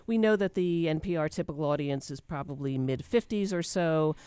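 A podcast co-host giving animated, explanatory answers in a radio interview. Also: medium pitch, a little fast, smooth, no echo, clean studio sound.

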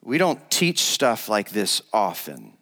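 A man's voice: fairly low pitch, huge pitch swings, slow, pushed and bright. Male pastor preaching in a reverberant hall. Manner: conversational storytelling, retells a parable in casual everyday phrasing. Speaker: associate pastor. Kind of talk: sermon. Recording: long reverb of a large hall.

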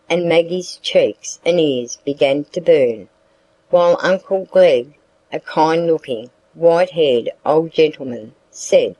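A reader narrating a classic novel as an audiobook in a measured way. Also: medium pitch, dark tone, no room sound, poor audio. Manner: slow, measured reading.

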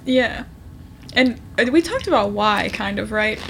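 A woman's voice: mid-range voice, expressive, measured pace, vocal fry, a little hiss or hum. A woman co-hosting a casual podcast, chatting loosely and leading the segments. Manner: chatty, runs the show segments. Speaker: podcast co-host.

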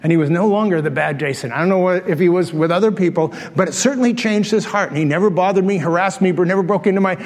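A middle-aged man and pastor telling a story in a sermon, animated and self-mocking, often laughing at himself. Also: high voice, fast talker, few pauses. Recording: long reverb of a large hall.

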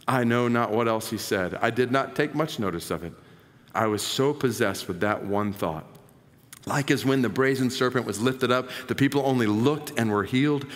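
A man's voice: medium pitch, in a large hall. A man preaching a sermon, reading a quoted conversion story aloud with earnest, emphatic delivery.

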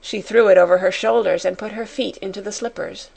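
A woman narrating an audiobook chapter in a measured, unhurried reading. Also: medium pitch, steady tone, vocal fry, a little mellow, breathy edge. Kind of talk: scripted storybook narration.

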